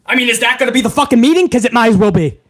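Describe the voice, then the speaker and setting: A man's voice: very high voice, rapid-fire, a bit bright. A man hosting a wrestling vlog, ranting in heated, profane commentary.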